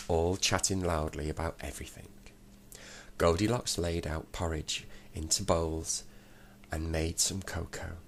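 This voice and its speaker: A man reading a children's storybook aloud, steady and unhurried. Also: low-pitched, creaky, slight background noise.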